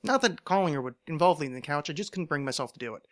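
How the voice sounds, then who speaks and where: An American man hosts his own podcast solo, rambling into a home podcast mic with self-deprecating humor and wry asides. His voice is fairly high, animated and rapid-fire.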